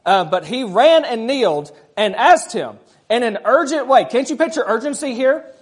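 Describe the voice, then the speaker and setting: A man's voice: very high voice, expressive, normal speed, slightly rough. A man preaching a sermon, conversational, with frequent rhetorical questions to the congregation. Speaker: pastor.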